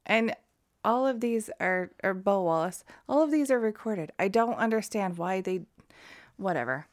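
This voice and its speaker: A woman's voice: medium pitch, animated, normal speed. A woman co-hosting a podcast in casual chat, laughing often, swearing freely and reading transcripts aloud. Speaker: podcast co-host.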